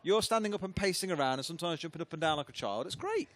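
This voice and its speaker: Fast, playful caster. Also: male voice, on the high side, expressive. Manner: playful, teasing, quick to laugh. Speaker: esports caster. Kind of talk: casual co-caster banter.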